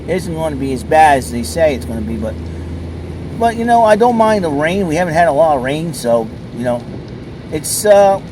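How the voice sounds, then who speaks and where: A man chats casually from his car, rambling and full of fillers. His voice sits a little high, with a faint hum of traffic behind him. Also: very animated, normal speed. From southern New England. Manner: rambling, chatty, lots of fillers. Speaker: vlogger. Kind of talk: casual chat. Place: in a car outside a mall.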